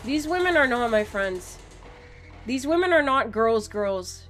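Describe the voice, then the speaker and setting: Playful young female streamer, slow rambling chat over faint music. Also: a little high, animated, a bit bright. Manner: playful, rambling, laughing asides. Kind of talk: casual gaming stream chat.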